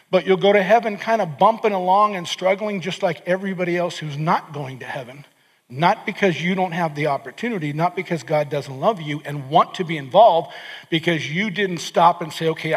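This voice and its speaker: A man's voice: a little high, husky. A man preaching a sermon as pastor, earnest, often restarting and repeating words as he explains scripture. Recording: long hall reverb.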